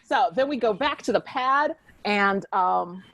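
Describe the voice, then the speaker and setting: A woman's voice: mid-range voice, animated, unhurried, a bit bright, no echo, muffled recording. A woman hosting a podcast, chatting casually and rambling about a TV episode with lots of fillers and giggles. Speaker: podcast host.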